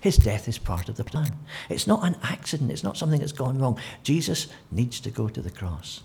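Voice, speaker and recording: A man preaching a sermon, telling the story with animated delivery and acting out quotes in different voices. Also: mid-range voice, fairly quick, vocal fry.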